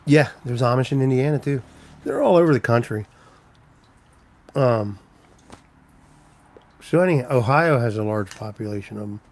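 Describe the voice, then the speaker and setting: A man's voice: mid-range voice, lively intonation, moderate pace, long pauses, a little mellow. A man on a casual live stream, telling rambling stories and answering viewers' comments. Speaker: trucker livestreaming, reading chat.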